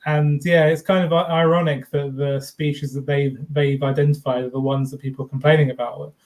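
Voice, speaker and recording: Man, slightly high, informal. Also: level tone, a little fast, a little mellow. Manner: explanatory, informal, mild swearing. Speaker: co-host of a theme park fan channel. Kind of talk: casual live-stream chat.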